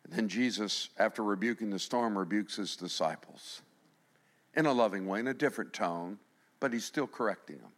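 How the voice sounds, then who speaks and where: A middle-aged man preaching a sermon, animated, swinging between loud emphasis and hushed passages. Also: lowish voice, normal speed. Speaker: pastor.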